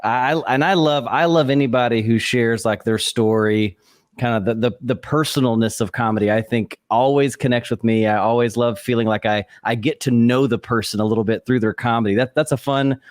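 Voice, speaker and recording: A male podcast host giving enthusiastic praise, with halting restarts. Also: mid-range voice, fairly even intonation, no room sound, studio quality. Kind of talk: podcast interview.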